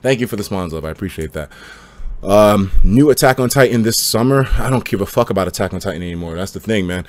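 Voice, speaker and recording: Animated, slangy young male streamer. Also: fast, dry recording. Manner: slangy, profane, swings between hyped shouting and low mumbling. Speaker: streamer reading chat. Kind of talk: casual livestream chat.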